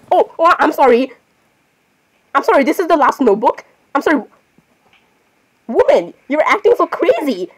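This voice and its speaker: A high-pitched woman gamer talks casually and excitably while she plays, constantly apologizing and talking to herself.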